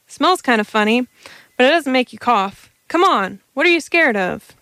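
A woman's voice: sits high, lively intonation, moderate pace, pushed and bright, dry recording, pitched above the performer's own voice, heavily acted. A woman voicing a callous male alien hunter who talks dismissively and with contempt. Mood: scornful.

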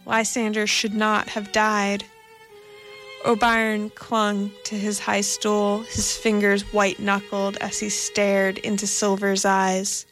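A woman narrating a story aloud in a measured, deliberate way. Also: medium pitch, completely flat delivery. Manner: slow, measured, deliberate reading. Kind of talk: audiobook narration. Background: soft music.

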